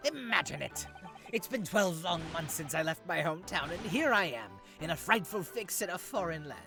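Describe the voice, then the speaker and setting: A man voicing a paranoid, dramatic young Japanese male prisoner, veering between hushed whispers and grand outbursts. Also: on the high side, sing-song, moderate pace, vocal fry, music in the background. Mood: grandiose. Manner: theatrical, swings from whispers to outbursts.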